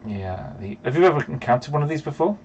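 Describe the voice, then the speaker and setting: A man's voice: on the high side, very animated, quick pace, a little mellow, highs cut off. A man narrating and running a tabletop role-playing game as dungeon master, playful and teasing, laughing often.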